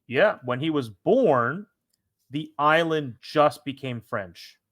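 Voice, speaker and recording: A man's voice: on the high side, lively intonation, slow, a bit bright, no echo, clean studio sound. A young man co-hosting a casual history podcast, a former teacher who rambles with many restarts and self-corrections. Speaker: podcast co-host.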